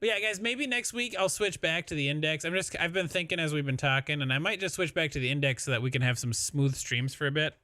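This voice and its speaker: Man, Midwestern accent, casual stream chat, fairly high voice, bright tone, dry close sound, rambling, swears now and then. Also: fast talker, hardly any pauses, no room sound. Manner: rambling, laughing, swears freely.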